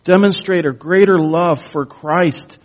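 A man delivers a sermon from the pulpit, slow and emphatic, often pushing up into forceful bursts. His voice sits a bit high for a man. The recording sounds dull and lo-fi. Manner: slow, emphatic preaching with rising bursts of intensity. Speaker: pastor.

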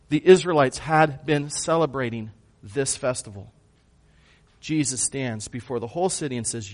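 Guy preaching, kinda high voice, goes quiet then loud, asks the church stuff. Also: lively intonation, normal speed. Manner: swings from hushed to loud, emphatic; asks the congregation questions. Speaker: pastor. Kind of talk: sermon.

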